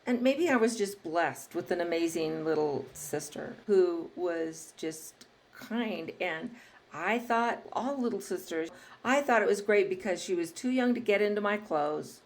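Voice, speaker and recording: A woman hosting a podcast, chatting casually and telling lively stories with frequent laughter. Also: fairly low pitch, unhurried. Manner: lively storyteller, laughs often. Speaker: podcast host. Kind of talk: casual interview chat.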